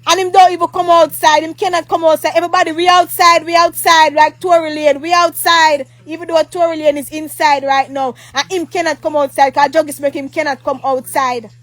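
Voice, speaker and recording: A woman's voice: high-pitched, level tone, a little fast, hardly any pauses, a bit bright, no echo. A woman with a Jamaican accent telling a rambling, heated storytime rant, repeating herself, swearing often and breaking into mock prayer. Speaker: vlogger. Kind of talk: ranting storytime monologue.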